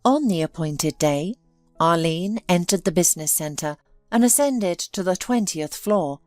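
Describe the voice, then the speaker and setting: A woman's voice: fairly low pitch, expressive, unhurried, darkish tone, no echo, faint music behind. A woman telling a dramatic story in scripted narration.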